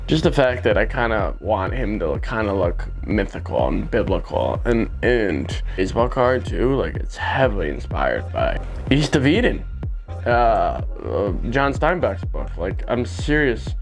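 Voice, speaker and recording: Painting in his art studio, a man who hosts videos talks casually and rambles loosely, full of "like," restarts, and jokey asides. His gravelly voice sits on the low side with big pitch swings and a measured pace, and faint music plays behind him.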